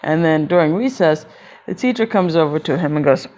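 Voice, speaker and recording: A woman storyteller narrating a children's tale in an animated way, acting out each character. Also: low-pitched, fairly quick, muffled recording. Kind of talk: bedtime-style storytelling.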